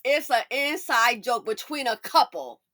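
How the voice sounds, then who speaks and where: A middle-aged woman hosting commentary, sassy and folksy, telling stories with lots of laughter. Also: a little slow. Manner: animated, acts out quotes in a high excited voice, laughs often. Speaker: commentary channel host. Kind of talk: casual commentary and storytelling.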